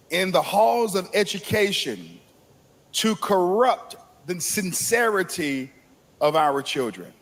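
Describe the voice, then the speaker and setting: Impassioned high-pitched preacher man. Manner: slow, rising to impassioned shouts, drawn-out phrasing. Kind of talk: sermon.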